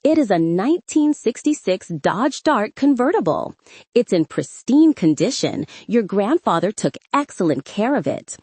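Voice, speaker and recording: A woman's voice: mid-range voice, sing-song, moderate pace, a little mellow, husky, no room sound. A woman voicing a blunt, bossy seventy-seven-year-old grandmother with a Spanish accent in an audiobook. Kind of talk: audiobook character voice.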